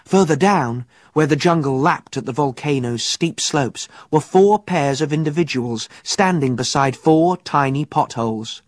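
Expressive male audiobook narrator. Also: fairly high pitch, a little slow, hardly any pauses, no room sound, studio quality. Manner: expressive, vivid storytelling. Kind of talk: audiobook narration of a children's adventure.

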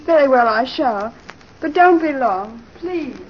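An actress playing an affectionate young bride in an old-time radio drama, speaking in a sweet, coaxing way. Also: female voice, high-pitched, expressive, measured pace, highs cut off, slight background noise. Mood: doting.

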